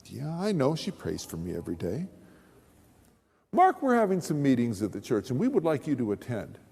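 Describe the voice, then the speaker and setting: A man's voice: fairly high pitch, mellow, breathy edge, heavily acted. A man voicing a small, cheerful, stubbornly persistent man pastor who is polite and relentlessly upbeat. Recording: long hall reverb.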